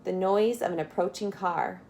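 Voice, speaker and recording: A woman's voice: fairly low pitch, moderate pace, darkish tone. A woman reading a children's chapter book aloud, adding friendly asides that explain words to young listeners. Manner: adds asides and explanations for kids. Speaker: storyteller.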